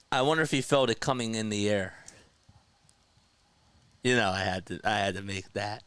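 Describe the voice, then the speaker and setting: A young man doing live baseball play-by-play as a streamer, chatty and quick to laugh, reading viewer comments between pitches. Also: fairly bright tone, clear, resonant tone, no echo. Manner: chatty, laughs often, reads chat aloud.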